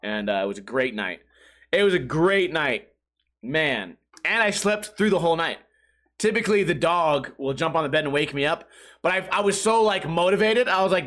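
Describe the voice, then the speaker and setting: A young man hosting a podcast, telling profane, animated stories and acting out quotes and noises. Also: a little high, moderate pace. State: sweating. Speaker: podcast host. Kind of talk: casual storytelling monologue.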